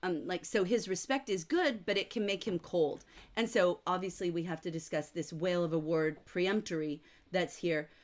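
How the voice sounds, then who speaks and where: A woman's voice: lowish voice, moderate pace, a little mellow. Woman, middle-aged, literature teacher, chatty explainer, livestream lesson. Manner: chatty, explanatory, frequent fillers like "um" and "like". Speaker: teacher leading a novel study.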